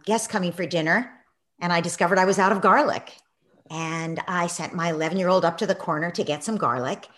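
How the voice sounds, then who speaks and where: A middle-aged woman tells a story with an animated, lively pitch, swinging widely in her voice. She acts out the other people in her story, then drops to a soft, hushed near-whisper in reflective moments. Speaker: guest, parenting author. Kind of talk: storytelling in a conversation.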